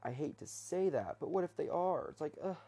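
A man's voice: a little high, expressive, fairly quick, dark tone, husky. A young man hosting his first solo talk episode, rambling hesitantly from his bedroom with many fillers and restarts. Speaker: podcast host.

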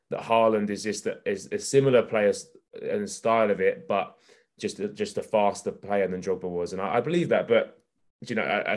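Low-voiced southern English man. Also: darkish tone. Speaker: podcast co-host. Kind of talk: casual chat.

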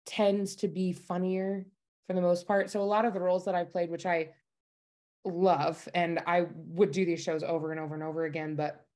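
A woman stage actor talking casually as a guest, loud and confident, laughing often. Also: on the low side, flat delivery, moderate pace. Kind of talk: casual chat.

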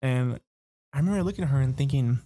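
A man's voice: mid-range voice, lively intonation, fast, warm tone, no room sound. A young man casually telling a long personal story, rambling and profane, full of fillers like "like" and "you know.".

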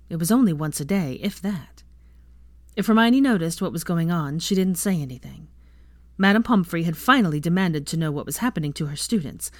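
A woman reading fan fiction aloud with an expressive reading voice. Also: lowish voice, no room sound, clean studio sound.

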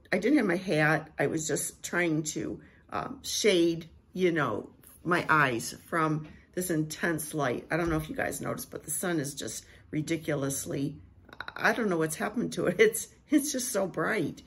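Speaking slowly and with reverence, a middle-aged Christian prophetic speaker shares a vision and reads out a prophetic word. Her voice sits low and has a breathy edge.

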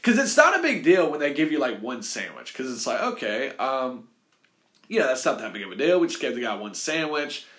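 A man telling a casual, rambling personal anecdote in an animated way, full of "like" and "you know". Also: medium pitch, a little fast.

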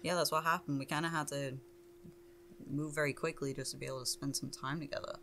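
A woman in her twenties with an English accent, a tattoo artist chatting as a guest on a podcast, relaxed and quick to laugh. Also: low-pitched, slight background noise. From England. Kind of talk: casual chat. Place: indoor podcast room.

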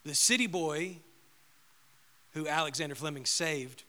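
A male pastor preaching a sermon, telling a story and swinging from loud proclamation to a hushed whisper. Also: on the high side, a little slow.

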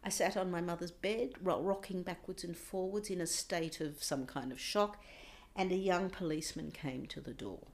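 A woman's voice: on the low side, normal speed. Woman telling a painful personal story. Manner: intense, drops to a hushed whisper at times. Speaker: interview guest.

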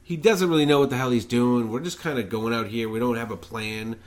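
A man's voice: medium pitch, a little fast. Easygoing male podcast co-host. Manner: relaxed, chatty recapping with mild swearing. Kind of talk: casual chat.

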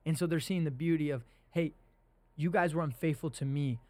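A man's voice: on the high side, fairly quick, mellow, no echo. A young man hosting a casual faith podcast, talking earnestly and animatedly about scripture. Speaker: podcast host.

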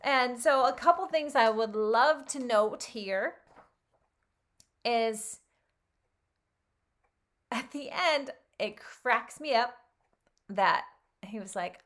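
Bright, slow-speaking woman coach. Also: on the high side. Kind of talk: reading a story aloud, then commenting.

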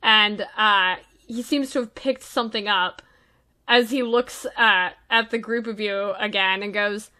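A woman's voice: mid-range voice, steady tone, unhurried, sharp tone. A woman narrating as game master, hesitant with many fillers.

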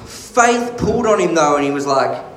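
Animated man preaching a sermon. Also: fairly high pitch, moderate pace, echoey room, a crowd in the background, poor audio. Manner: animated storytelling with laughs. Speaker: pastor.

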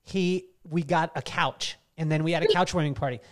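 A man hosting a podcast, telling stories in a casual, animated way and laughing often. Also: a little high, normal speed. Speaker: podcast host. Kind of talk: casual chat.

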